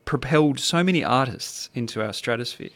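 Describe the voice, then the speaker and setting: A man's voice: mid-range voice, expressive, fairly quick, fairly bright tone. A man hosting a music podcast in a playful, chatty way with jokey asides. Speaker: podcast host. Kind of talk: casual music podcast chat.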